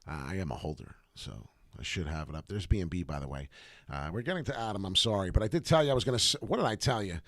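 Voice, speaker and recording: A man's voice: deep voice, expressive, fast, a bit bright, dry recording, studio quality. A man hosting a live crypto market stream, brash and hype-driven, swearing casually as he talks. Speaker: crypto livestream host.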